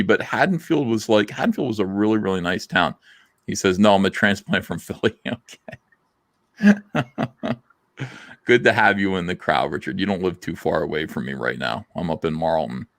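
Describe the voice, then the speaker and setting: Guy hosting a stream, swearing, lots of uh's, lowish voice, dry close mic. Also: a bit bright, dry recording. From South Jersey, USA. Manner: rambling, profane, lots of fillers. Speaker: live stream host reading chat. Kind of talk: casual live stream chat.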